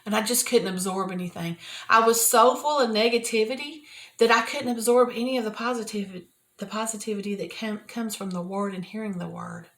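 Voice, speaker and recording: Earnest older woman, soft-spoken. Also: mid-range voice, fairly quick. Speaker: Christian video host. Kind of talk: personal devotional talk. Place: private office at work.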